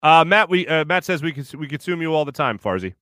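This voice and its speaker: Sports show host guy, bright kinda high voice, rambly and chatty, lots of uhs, dry close sound. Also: lively intonation, fairly quick, dry recording. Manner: rambling, chatty, self-interrupting with fillers; reads listener comments aloud. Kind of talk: casual sports talk show.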